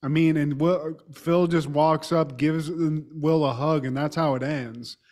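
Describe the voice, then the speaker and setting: A man's voice: a little high, slow pace. A man co-hosting a podcast, casually retelling a TV episode and slipping into the characters' lines, with some mild swearing. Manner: relaxed storytelling, quoting characters, mild swearing. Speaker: podcast co-host. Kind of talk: casual chat recapping a TV episode.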